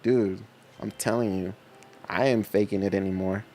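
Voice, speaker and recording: A man's voice: on the low side, steady tone, moderate pace, dark tone, a little hiss or hum. A middle-aged man hosting a livestream, chatting casually with viewers in a laid-back, slangy way and laughing often. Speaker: livestream host reading chat. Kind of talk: casual chat reading viewer comments.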